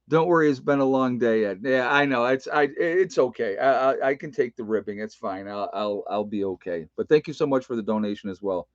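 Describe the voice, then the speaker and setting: A man's voice: medium pitch, dry recording. Older man, retired nurse, hosting a casual stream; rambling, self-mocking, dry and dull audio. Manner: rambling, chuckling, self-teasing. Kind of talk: casual live stream chat. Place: indoor room with bookshelves.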